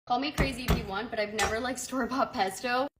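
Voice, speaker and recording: A woman delivering a short flat line in a matter-of-fact way, heard as a replayed clip. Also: on the high side, fast, very noisy.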